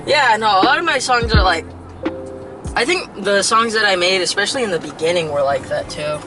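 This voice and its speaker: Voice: mid-range voice, animated, a little fast, over music, low-quality recording. A young adult rapper speaking candidly as an interview guest, full of "like" fillers. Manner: candid, heavy use of "like" fillers. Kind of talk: casual interview chat.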